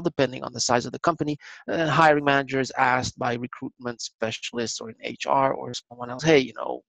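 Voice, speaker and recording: A man speaking as a guest on an online business seminar, explaining in a measured way with filler ums, over a video call. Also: medium pitch, creaky, a bit bright, no room sound, rough recording. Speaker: company guest.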